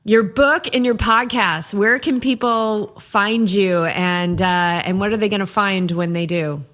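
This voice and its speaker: A woman's voice: mid-range voice, measured pace, fairly bright tone. A woman hosting a podcast interview, speaking in an affirming, conversational way. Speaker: podcast host. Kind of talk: casual interview.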